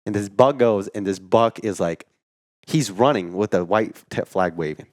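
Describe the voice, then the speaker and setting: A man co-hosting a podcast, telling a story in casual chat, animated and full of "like", acting out what people said. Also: lowish voice, normal speed, dry recording. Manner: animated storyteller, acts out quotes, says "like" a lot. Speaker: podcast co-host.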